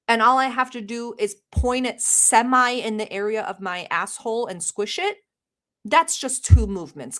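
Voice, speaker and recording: A woman from the Middle East hosting a casual livestream, talking straight to her chat in a brash, sarcastic way and mock-yelling at viewers. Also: on the high side. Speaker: livestream host.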